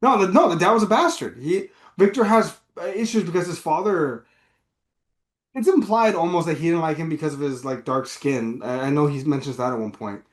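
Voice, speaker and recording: Male podcast co-host, slightly high voice, excitable and rambling, echoey room. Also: brisk. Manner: animated, profane, rambling. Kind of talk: casual movie review chat.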